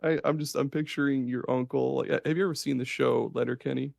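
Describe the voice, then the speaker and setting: A man co-hosting a podcast in casual chat, excited and swearing freely as he rambles. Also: mid-range voice, fast talker, creaky, dry recording, clean studio sound. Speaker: podcast co-host.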